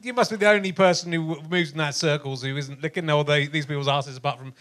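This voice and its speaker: Host: man, raised pitch, wry, ribbing the guest between questions. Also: steady tone, quick pace, a bit bright. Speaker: podcast host. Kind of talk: comedy interview chat.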